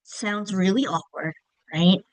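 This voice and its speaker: A middle-aged woman with a Long Island accent takes it slowly in a mid-range voice while teaching an instructional lesson on reading. The audio is poor with no echo. She explains carefully and checks in with listeners with a frequent "right?"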